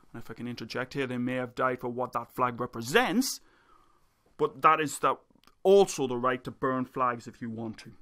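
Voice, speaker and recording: A man's voice: mid-range voice, bright, forceful tone. A male academic presenting a spoken video essay, ranting with sarcastic asides.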